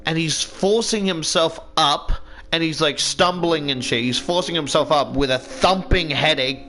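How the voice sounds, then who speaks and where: An Australian man recaps a book in a loose, indignant way, full of "like"s and swearing. His voice is high and bright. Faint music sits under him. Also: a little slow. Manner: indignant, swears a lot, many "like"s. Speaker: YouTuber retelling a book. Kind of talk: casual story recap.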